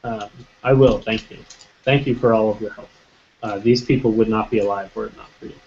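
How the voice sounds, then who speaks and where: A man's voice: fairly low pitch, fairly even intonation, fairly quick, noisy background, close to an everyday voice. A man voicing a grieving, grateful older farmer who speaks plainly and a little hesitantly, on a muffled recording.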